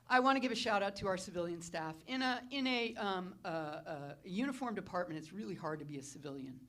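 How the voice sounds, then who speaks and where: A woman's voice: on the low side, expressive, fairly quick, few pauses. Fire chief thanking her colleagues, lots of ums. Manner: informal, many fillers, warm thanks. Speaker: fire chief giving retirement speech. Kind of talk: emotional public speech. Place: indoor event with audience.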